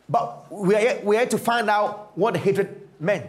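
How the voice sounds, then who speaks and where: A man preaching a sermon, retelling a scripture story dramatically and swinging from loud to hushed. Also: high voice, moderate pace, reverberant.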